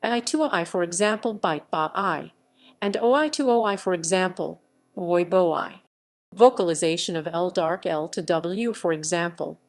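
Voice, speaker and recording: Woman narrator, lowish voice, scripted article reading, reads symbols out letter by letter. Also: normal speed, faint music behind. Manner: reads phonetic symbols aloud literally. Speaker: article reader.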